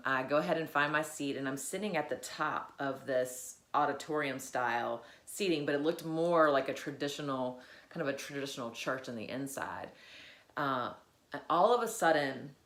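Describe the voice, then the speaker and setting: A woman from Virginia speaking in a personal faith vlog, talking haltingly with many fillers. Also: low voice, echoey room. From Virginia, USA. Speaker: vlogger.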